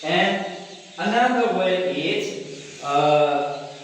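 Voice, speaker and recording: Guy teaching pronunciation, slow, keeps saying okay, far off mic in a big echoey room. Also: high voice, animated, a little hiss or hum. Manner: repeats words slowly for demonstration, asks "okay?" after each point. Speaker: English teacher. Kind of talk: classroom lecture on pronunciation.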